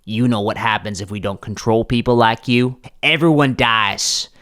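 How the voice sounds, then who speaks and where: A man voicing a controlling male village priest who barks orders and gives slow, threatening warnings. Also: on the low side, fairly even intonation, a bit bright, close to an everyday voice. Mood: menacing.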